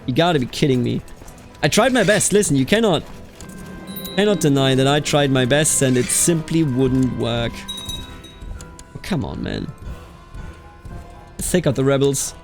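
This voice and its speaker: A man's voice: mid-range voice, moderate pace, pauses often, music in the background. A man hosting a strategy game let's play, chatting casually with exasperated outbursts and reading game events aloud. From Bavaria. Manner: animated, exasperated outbursts, calls people dude.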